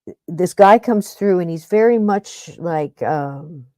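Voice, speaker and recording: Middle-aged woman host, warm low voice, rambling chatty talk, dry close sound. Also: animated, slow pace, dry recording. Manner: rambling, chatty, self-interrupting. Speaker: podcast host. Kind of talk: casual paranormal podcast talk.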